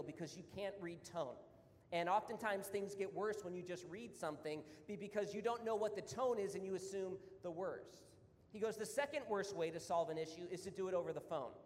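A man preaching to his church in a high, fairly light voice. He talks like a friend at first and then builds into fervent, emphatic passages. The sound carries a long hall reverb with a faint rumble underneath. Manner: conversational, rising to fervent emphasis. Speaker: pastor. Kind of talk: sermon.

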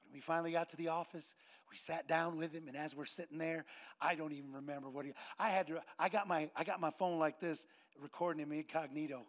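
A middle-aged man, a pastor, preaching a sermon in a lively anecdotal way and acting out the voices of people in his stories. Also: a little high, fast talker. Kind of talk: storytelling sermon.

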